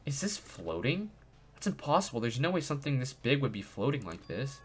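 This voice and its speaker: A man doing let's play commentary, excitable and loud, often laughing and reading the game's dialogue aloud. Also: medium pitch, normal speed, husky. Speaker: gaming video creator.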